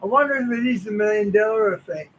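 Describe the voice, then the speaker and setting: A man with a high, light voice who drops loud, casual comments into the talk. A faint hiss sits under the recording. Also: fairly quick.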